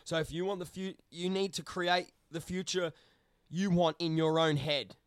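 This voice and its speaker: Fired-up swearing man, high voice. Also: steady tone, normal speed, smooth, no echo. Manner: fired up, swears constantly, ranting. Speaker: podcast co-host. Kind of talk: heated casual chat.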